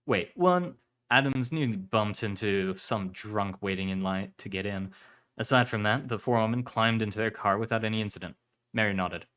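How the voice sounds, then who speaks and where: A man reading a story aloud on a live stream, in steady narration with some self-corrections. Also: lowish voice, normal speed.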